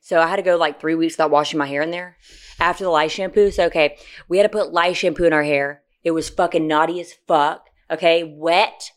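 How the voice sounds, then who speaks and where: A woman co-hosting a casual podcast chat, telling stories in an animated, profane way. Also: sits low, a little fast. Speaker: podcast co-host.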